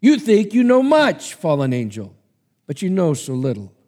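A man's voice: high voice, wildly swooping pitch, normal speed, mellow, voice pushed up, exaggerated voice. A man preacher reading the lines of God the Father, stern and loving, in a solemn, commanding way. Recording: long hall reverb.

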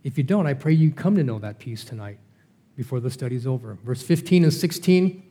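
A man's voice: medium pitch, animated, a little fast, mellow. A middle-aged man preaching a Bible study sermon in a conversational way, asking rhetorical questions. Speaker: pastor.

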